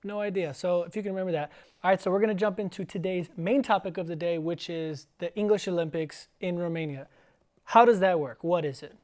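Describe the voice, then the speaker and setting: A man's voice: high-pitched, darkish tone. Playful guy teacher hosting a podcast, chatty and joking around. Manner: playful, chatty, sounds out words slowly. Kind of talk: casual interview.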